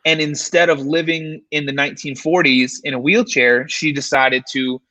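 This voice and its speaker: A man, a paranormal investigator, telling an animated story in a casual interview, full of fillers and restarts. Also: fairly high pitch, moderate pace. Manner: excited, filler-heavy, animated retelling.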